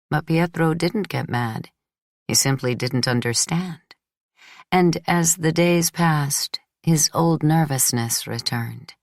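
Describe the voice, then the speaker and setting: A woman with a low voice narrates a novel in the first person, measured and introspective. The recording is dry and close, with no room sound. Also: gravelly, dry recording. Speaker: audiobook narrator.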